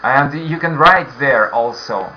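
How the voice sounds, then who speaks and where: A man's voice: medium pitch, takes it slowly, slight background noise. A man with a Russian accent teaching a beginner English class online, patiently repeating questions for his learners. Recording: dull lo-fi online call audio.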